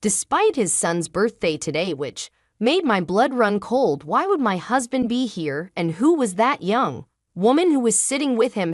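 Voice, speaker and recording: A woman narrating a first-person dramatic story in an emotional, halting way. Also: mid-range voice, very animated, no echo, studio quality.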